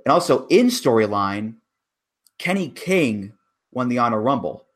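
A man's voice: medium pitch, very animated, a little slow. A man in casual podcast chat, making his points carefully and stressing key words. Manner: analytical, emphatic. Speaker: wrestling podcast guest.

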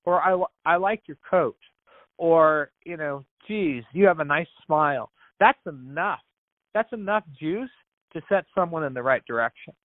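At a moderate pace and with a fairly high pitch, a founder guesting on a podcast tells a story in earnest during the interview. He dramatizes the quoted dialogue, with lots of restarts and repeated words. The recording is dry and tinny, almost like a phone call.

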